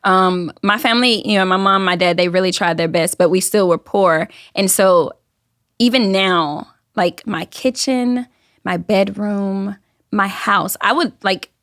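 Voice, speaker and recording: A woman in her thirties from Alabama with a softened Southern accent, a guest telling her story in a casual interview, acting out the voices of people she quotes. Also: mid-range voice, a little slow, no room sound, clean studio sound. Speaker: guest, YouTube creator.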